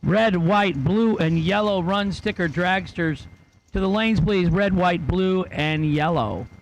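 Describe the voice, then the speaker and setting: A man calling drag race results and lane calls in a brisk, joking way. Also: high voice, gravelly, dull audio, background noise.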